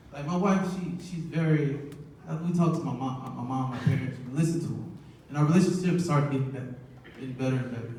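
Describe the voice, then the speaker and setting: A man in his thirties doing a stand-up comedy set, telling family stories in an animated way and laughing often. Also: on the high side, a little hiss or hum. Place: church hall stage. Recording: echoey hall, mic heard from far.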